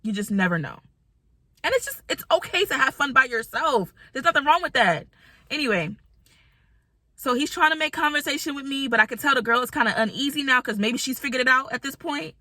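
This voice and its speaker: A woman vlogger telling a dating story in a casual, animated way, acting out what people said. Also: a little high, dry recording. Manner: animated, chatty, acts out quotes.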